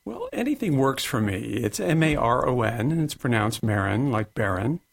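A man joins a radio talk show as a studio guest and trades playful jokes with the host. His voice is gravelly and a bit husky, with lively pitch. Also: moderate pace. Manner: playful, joking. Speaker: guest, beauty expert and author. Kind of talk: casual radio interview.

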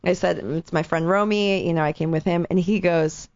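A woman's voice: fairly low pitch, normal speed. Young woman telling a story, lo-fi. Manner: animated, quotes people in voices, lots of "like". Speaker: actress and radio host. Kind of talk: casual storytelling chat. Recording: dull, dry lo-fi sound.

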